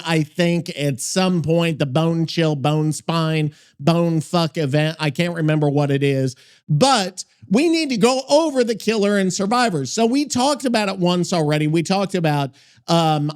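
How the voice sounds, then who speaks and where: A man hosting a casual podcast, rambling, swearing freely and cutting himself off mid-sentence. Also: high voice. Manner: rambling, swears a lot, self-interrupting. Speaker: podcast host. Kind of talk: casual profane podcast chat.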